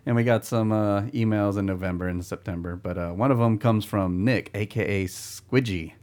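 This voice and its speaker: A man hosting a casual podcast, reading listener emails and chatting with friends in a relaxed, easygoing way. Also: lowish voice, normal speed. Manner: relaxed, reads listener emails aloud, laughs easily. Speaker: podcast host.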